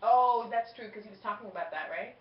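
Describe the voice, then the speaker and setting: A woman's voice: a little high, brisk. A woman from Jamaica hosting a podcast in a casual, rambling chat, giggling and dropping plenty of fillers. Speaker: podcast host. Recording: roomy, dull lo-fi home recording.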